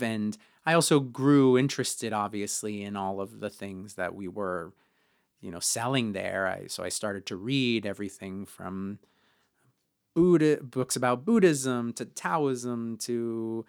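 A podcast co-host tells a personal story in a chatty way, full of fillers, and voices quotes in higher pitches. His voice is smooth and he takes it slowly.

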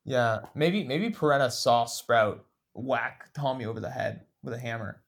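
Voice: mid-range voice, a little slow, creaky. Someone musing thru theories, lots of "like", trips over words. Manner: thinks aloud, hesitant with restarts. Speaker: discussion participant. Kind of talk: casual chat.

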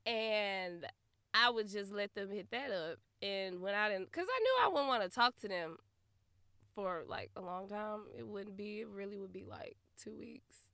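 A young adult woman hosting her own podcast, telling a story in a blunt, profane, laughing way that swings from muttering to loud outbursts. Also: mid-range voice, lively intonation, a little slow, vocal fry, dry recording. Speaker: podcast host. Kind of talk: casual storytelling monologue.

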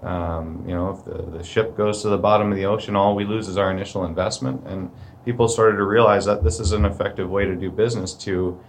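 Deep-voiced Canadian lawyer explaining. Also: male voice, steady tone, a little fast, a little hiss or hum. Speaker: corporate lawyer. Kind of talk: explanatory podcast conversation.

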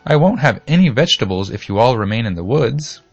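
A man voices an earnest ten-year-old farm boy from a storybook, lifted a little above his own low voice. He speaks insistently, with faint music in the background. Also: expressive, quick pace, vocal fry, breathy edge, dry recording, dull audio. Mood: dismayed.

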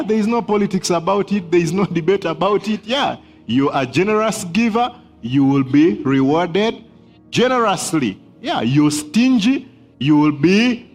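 A man's voice: sits high, expressive, normal speed, faint music behind. A man preaching a sermon as pastor, emphatic, repeating key phrases and laughing between points.

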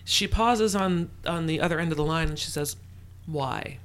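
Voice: mid-range voice, moderate pace, fairly bright tone, a little hiss or hum. An adult telling a personal story in a casual chat, acting out the quoted dialogue with lots of swearing.

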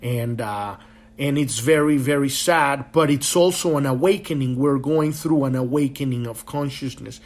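A man's voice: medium pitch, normal speed. A man hosting a spiritual podcast, talking in a passionate, rambling monologue full of swearing. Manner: profane, impassioned and rambling. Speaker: podcast host.

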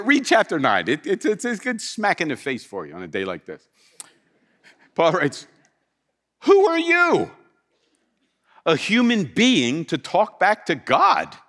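Animated high-voiced male preacher. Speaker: pastor. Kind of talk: sermon. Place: church with slides.

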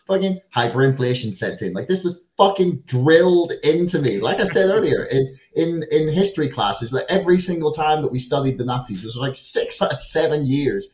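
A man co-hosting a casual talk show, telling stories in an animated, emphatic way with frequent swearing. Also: fairly high pitch. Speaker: podcast co-host. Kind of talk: casual chat. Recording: roomy echo.

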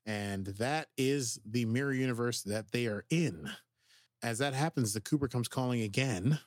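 An animated man chatting casually on a podcast, recapping a TV episode and slipping into the characters' lines. His voice sits in a middle range, recorded close on a dry mic. Lots of fillers keep the talk loose. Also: mid-range voice, moderate pace, no room sound. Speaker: podcast co-host.

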